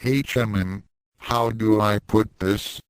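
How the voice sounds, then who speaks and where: Meek, stammering teenage boy, voiced by a male storyteller, low and unhurried. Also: fairly even intonation, smooth, no room sound. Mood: nervous. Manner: hesitant, stammering with fillers.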